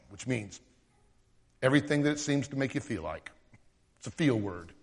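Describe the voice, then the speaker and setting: A male pastor preaching a sermon in an animated way, acting out the voices of the people he quotes. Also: medium pitch, moderate pace, pauses often, big-room sound.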